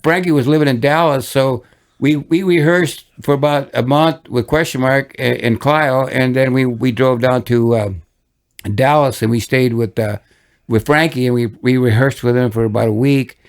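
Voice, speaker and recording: Older man with a gravelly voice. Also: medium pitch, steady tone, normal speed. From Michigan, USA. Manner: rambling anecdotes with many restarts and chuckles. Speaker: guest musician. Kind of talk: casual storytelling interview.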